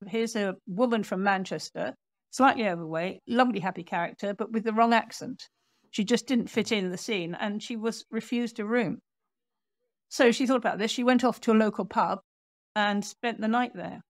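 Here a woman tells the history in a podcast interview as a guest author. She speaks at a middle pitch in a dry, close recording with no room sound, and she slips into the voices of the people in her story. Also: moderate pace, dry recording. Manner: animated storyteller, acts out quotes.

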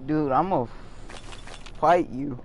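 A man streaming a game, chatting casually with his viewers, excitable and swearing a lot. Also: fairly high pitch, slow pace, slight background noise. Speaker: gaming streamer. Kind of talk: casual gameplay commentary.

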